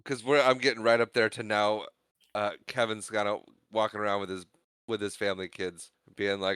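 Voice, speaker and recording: A man's voice: lowish voice, normal speed, clear, resonant tone, dry recording, studio quality. A man co-hosting a casual movie podcast, retelling scenes and acting out lines in playful voices. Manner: animated, acts out movie lines in silly voices. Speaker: podcast co-host.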